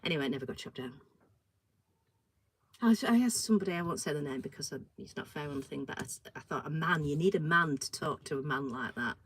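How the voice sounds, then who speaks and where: A woman's voice: sits low, fast, slightly rough, low-quality recording. A middle-aged woman, co-hosting a casual chat show and telling stories animatedly, acting out what people said. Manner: animated storytelling, acts out quoted dialogue. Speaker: co-host.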